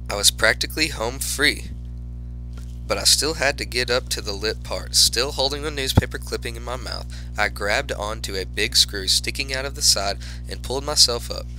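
A man narrating a children's storybook in the first person as a class pet hamster, with lively exclamations. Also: mid-range voice, low-quality recording. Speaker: audiobook narrator.

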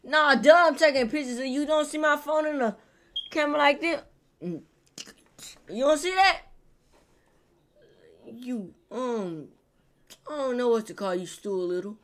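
Slow, high-voiced woman roasting a video. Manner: teasing, roasting in slangy banter; drawn-out, repetitive emphasis. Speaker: reaction video host. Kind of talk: casual reaction commentary.

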